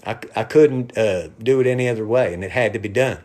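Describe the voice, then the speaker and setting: A middle-aged man, a musician and comedian, chatting loosely and irreverently to viewers on a live stream, sometimes dropping to a hushed whisper. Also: lowish voice, brisk.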